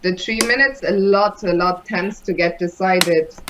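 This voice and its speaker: A woman's voice: fairly low pitch, unhurried, background noise. A woman co-hosting live chess commentary, chatty and self-deprecating. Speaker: co-host, chess streamer.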